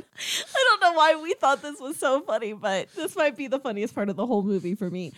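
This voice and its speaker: Lively woman recapping a movie, dry sound. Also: high-pitched, fairly quick, no echo. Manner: animated, laughs often, acts out characters' lines. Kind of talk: casual movie recap chat.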